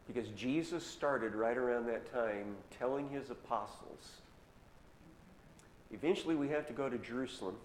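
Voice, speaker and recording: A man delivers a sermon, retelling an old story in casual everyday words. His mid-pitched voice rings through a big, roomy hall with a long echo. A faint hiss sits under the recording. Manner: retells scripture in casual modern words, slowing for emphasis. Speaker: preacher. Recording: echoey hall with long reverb, faint noise.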